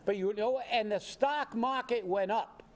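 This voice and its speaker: A man with a notably high-pitched voice delivers heated political commentary. He rants indignantly and fires off rhetorical questions as a show co-host. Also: a little slow.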